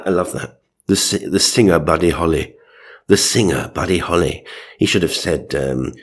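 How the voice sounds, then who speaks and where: A low-voiced man reading silly stories aloud with dry, sardonic asides. His delivery stays wry and unhurried between jokes. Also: slightly rough. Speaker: narrator and comic host.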